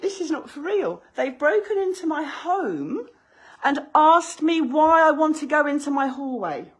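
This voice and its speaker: A woman's voice: high voice, big pitch swings, unhurried. A woman, arguing indignantly and sarcastically with police and bailiffs inside her own home. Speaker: homeowner confronting bailiffs and police. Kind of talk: heated argument filmed at home. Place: hallway and kitchen of a house, indoors.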